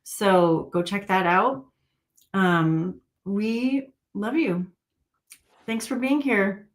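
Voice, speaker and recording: A woman's voice: mid-range voice, extremely slow. A woman hosting a livestream, talking casually and encouraging her viewers. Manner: encouraging, warm pep talk to viewers. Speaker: livestream host and intuitive coach.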